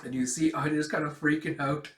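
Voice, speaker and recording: Man recapping a comic, animated and laughing, slightly high voice, echoey room. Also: fast talker, far from the mic. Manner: animated, laughing, acts out every character. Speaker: manga reader and reviewer. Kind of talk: casual read-through of a comic chapter.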